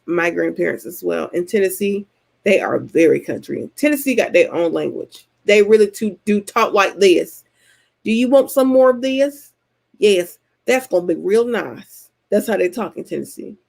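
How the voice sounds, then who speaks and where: A woman from Georgia with a Southern American accent, chatting casually with her viewers and telling stories in an animated, colloquial way. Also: medium pitch, vocal fry. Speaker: vlogger host answering subscriber comments. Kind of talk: casual chat.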